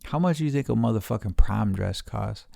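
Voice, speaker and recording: A man's voice: fairly low pitch, expressive, a little fast, vocal fry, mellow, no echo, studio quality. A man hosting a casual solo podcast from his garage, rambling and swearing freely while poking fun at himself. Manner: rambling, profane, self-mocking. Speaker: podcast host.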